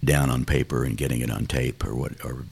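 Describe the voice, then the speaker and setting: Very deep gravelly man, thoughtful. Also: steady tone, darkish tone. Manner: thoughtful, unhurried, musing. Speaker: songwriter guest. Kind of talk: reflective interview talk.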